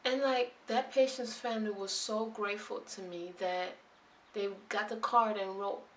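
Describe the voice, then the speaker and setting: A woman's voice: medium pitch, fairly even intonation, measured pace, recorded from a distance, a little hiss or hum. A young woman, a new nurse, talking candidly and emotionally to camera in a chatty way with many restarts. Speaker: new registered nurse vlogger. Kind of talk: casual talk to camera. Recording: echoey room, off the mic.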